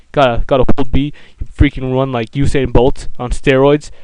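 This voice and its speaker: Smooth-voiced man, sarcastic game commentary. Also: mid-range voice, flat delivery, normal speed, few pauses, a little mellow, no echo, poor audio. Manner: sarcastic, swears freely, stumbling restarts. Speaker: let's play commentator. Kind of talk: casual gameplay commentary.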